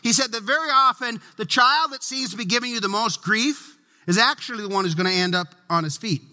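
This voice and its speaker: A man's voice: very high-pitched, a little fast, pushed and bright, big-room sound. A middle-aged man preaching a sermon as pastor, humorous and conversational, acting out little family scenes.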